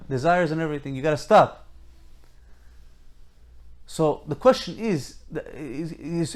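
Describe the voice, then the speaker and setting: A man giving an informal Torah lecture, emphatic and full of rhetorical questions, often restarting his sentences. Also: high voice. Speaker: Torah teacher.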